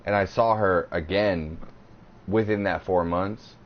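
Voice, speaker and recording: A man's voice: deep voice, steady tone, unhurried. A man in his thirties co-hosting a podcast, telling a crude, rambling story in casual chat. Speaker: podcast co-host. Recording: slightly dull podcast audio with faint hiss.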